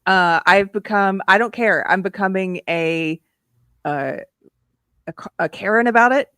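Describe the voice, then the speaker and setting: A woman hosting a casual live-stream talk show, laughing often and ranting in an animated way. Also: mid-range voice, measured pace, smooth, no echo, studio quality. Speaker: host.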